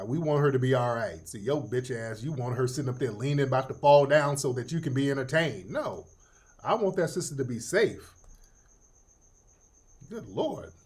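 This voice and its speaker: Middle-aged male host, joking and cursing, animated voice. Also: medium pitch. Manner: profane, joking, laughs often. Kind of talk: casual livestream commentary.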